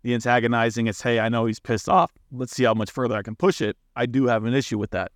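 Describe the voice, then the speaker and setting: A man's voice: mid-range voice, steady tone, quick pace, dry recording, clean studio sound. A married man in a casual podcast chat, easygoing, telling stories and laughing as he goes. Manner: easygoing, laughs while talking, storytelling. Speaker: podcast guest.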